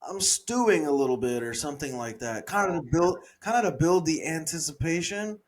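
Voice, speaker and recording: A man co-hosting a comedy podcast, workshopping his own jokes in casual chat and reading lines in an animated voice. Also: a little high, brisk, slight background noise. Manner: reads joke lines in a raised, animated voice; laughs easily, thinks aloud.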